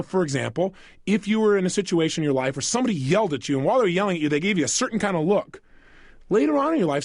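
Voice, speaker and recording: A man's voice: high-pitched, dry recording, studio quality. A man giving a motivational seminar talk, asking his listeners questions and acting out little quotes as he goes. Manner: animated, asks the audience questions and acts out quotes. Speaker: self-help seminar speaker.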